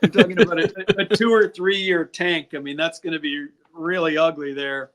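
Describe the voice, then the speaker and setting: Male scout guest, candid and rambling, voice a touch high. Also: fairly even intonation, fairly bright tone, slight background noise. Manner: candid, quick, lots of restarts. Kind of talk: casual interview talk.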